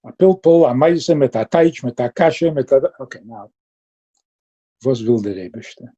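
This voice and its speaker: Dark, husky-voiced man giving a Chassidic talk. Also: mid-range voice, moderate pace, lo-fi sound. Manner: lively storytelling, mixing Yiddish and Hebrew terms. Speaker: Chassidic teacher.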